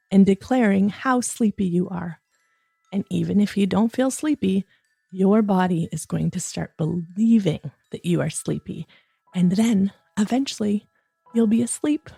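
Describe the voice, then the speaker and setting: Slow, gentle, gravelly-voiced woman. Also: medium pitch, dry recording, clean studio sound. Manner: gentle, coaxing, speaks directly to a child listener. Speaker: host of a children's bedtime podcast. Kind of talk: bedtime guided relaxation for children.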